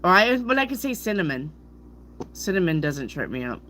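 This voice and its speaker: A woman's voice: lowish voice, very animated, fairly quick, a bit bright, a little hiss or hum. A middle-aged woman, a tarot reader, chatting casually to her viewers, playfully tripping over hard words and laughing at herself. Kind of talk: casual rambling chat to viewers.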